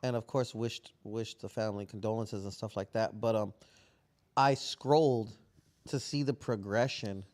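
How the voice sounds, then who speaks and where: A man's voice: on the low side, steady tone, normal speed, darkish tone. A man co-hosting a podcast, telling stories in a casual, rambling, slang-heavy way. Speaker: podcast co-host. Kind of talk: casual chat.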